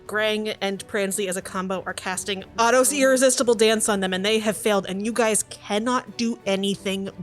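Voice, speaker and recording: A woman's voice: mid-range voice, fairly even intonation, brisk, few pauses, soft background music. A woman narrating as game master, chatty and laughing, with frequent "uh" restarts.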